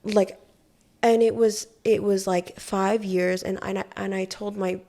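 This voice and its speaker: A young woman from Hawaii, a podcast guest, telling a story in casual, profane, animated talk full of "like". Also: mid-range voice, slow. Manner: profane, animated, heavy use of "like".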